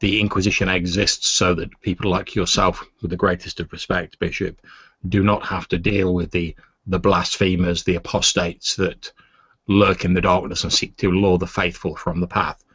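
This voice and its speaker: Flat monotone inquisitor, played by a man. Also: sits low, moderate pace, slightly rough, no room sound. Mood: cold, solemn. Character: stern fanatical male inquisitor priest. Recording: muffled lo-fi recording.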